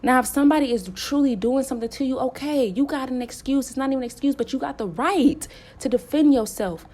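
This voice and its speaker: Scolding woman with a higher voice. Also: quick pace, a little mellow. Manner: scolding, repetitive, preacher-like. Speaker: spiritual channel host. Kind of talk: spiritual warning monologue.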